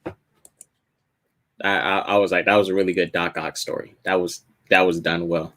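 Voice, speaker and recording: A man's voice: low voice, level tone, moderate pace, pushed and bright. A man in casual gaming chat, talking loosely with repeats and informal grammar. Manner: loose, repetitive, says "they was".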